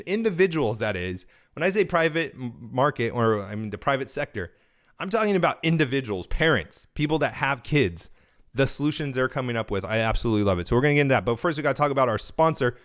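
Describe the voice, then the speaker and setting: A man's voice: mid-range voice, fairly bright tone. Chatty man with a dry throat. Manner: rambling, self-correcting, conversational. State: recovering from a cold, dry throat. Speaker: podcast host. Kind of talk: casual solo podcast commentary.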